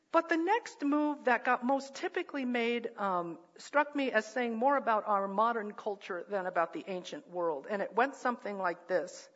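A woman's voice: medium pitch, fairly bright tone, highs cut off. A woman preaching a sermon in a thoughtful, conversational way, with fillers and restarts.

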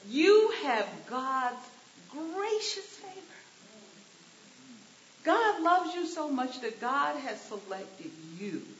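A woman preacher delivering a sermon, swinging between hushed lines and emphatic ones. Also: high voice. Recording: echoey, dull sound with faint hiss.

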